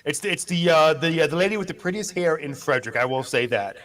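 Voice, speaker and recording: Male radio news guy, bright and joking, pitched a bit high. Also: quick pace. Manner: jokey, self-deprecating, animated. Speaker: news reporter. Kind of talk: casual radio chat.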